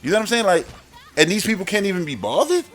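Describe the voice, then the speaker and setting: A man's voice: high-pitched, very animated, fast, fairly bright tone, soft background music. A man hosting a gaming channel, ranting in a brash, boastful, heavily profane casual monologue.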